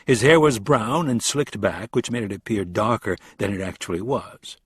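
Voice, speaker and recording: A man reading a thriller audiobook in steady, measured scripted narration. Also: on the low side, slightly rough, no echo, studio quality.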